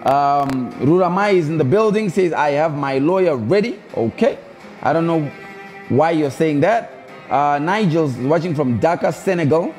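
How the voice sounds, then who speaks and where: Hosting a live stream, this man chats casually with his audience and repeats his calls to them, with faint music behind him. His voice is a little high and a little mellow, with lively intonation and an unhurried pace.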